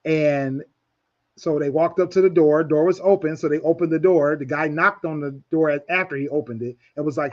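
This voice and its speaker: Rambling talk radio host, slightly high. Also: male voice, brisk, muffled recording. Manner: rambling, many restarts. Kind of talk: casual chat.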